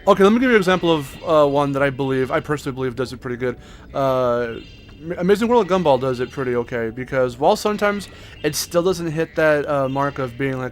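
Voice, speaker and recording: A young man chatting casually as co-host, rambling, swearing and laughing often. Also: a little high. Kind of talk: casual chat.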